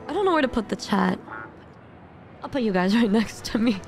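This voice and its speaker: A young woman streaming a casual game reaction, excitable and quick to shout and laugh, her voice sounding a bit strained. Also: sits high. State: voice often strained. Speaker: VTuber streamer. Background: game music.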